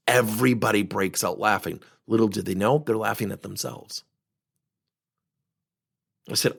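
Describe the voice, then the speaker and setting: A middle-aged man giving a motivational talk as a former coach, telling stories in an animated way and acting out the people in them. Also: fairly low pitch, normal speed, creaky, long pauses, slightly rough. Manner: animated storytelling, acting out quotes.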